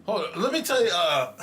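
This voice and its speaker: A man's voice: high-pitched, slight background noise. A man hosting a casual livestream, telling stories with bursts of laughter and snacking while he talks. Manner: animated storytelling with laughs; snacking and chewing while talking. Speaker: show host.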